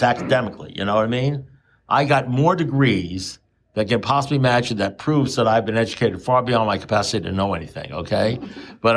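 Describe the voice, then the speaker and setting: Man, seventies, recovery meeting speaker: gravelly, salty, keeps asking the room questions. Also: medium pitch. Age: 70s. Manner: blunt, profane, repeats rhetorical questions.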